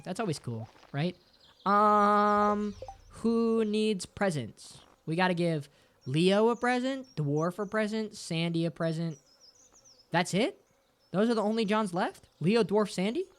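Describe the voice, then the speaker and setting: A man's voice: high voice, animated, moderate pace. Profane joking male streamer. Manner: crude, profane, joking, reads chat aloud; mock-dramatic, playful teasing. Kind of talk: casual game stream chat. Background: faint game music.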